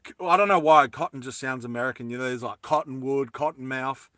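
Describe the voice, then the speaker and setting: A man's voice: mid-range voice, brisk, fairly bright tone, no echo. A man chatting casually through a lighter repair, rambling into jokey tangents and correcting himself as he goes. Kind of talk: casual how-to chat.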